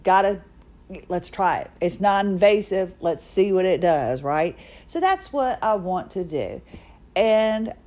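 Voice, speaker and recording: A middle-aged woman on her podcast talks casually through a personal story, laughing at herself in a chatty way. She has a medium-pitched voice with a dark tone.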